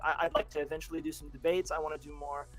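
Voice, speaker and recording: A man's voice: fairly high pitch, flat delivery, racing, a bit bright, soft background music. A young man talking as a guest on a casual online chat, hesitant and full of fillers. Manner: hesitant, many fillers and restarts, laughs easily. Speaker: guest, content creator.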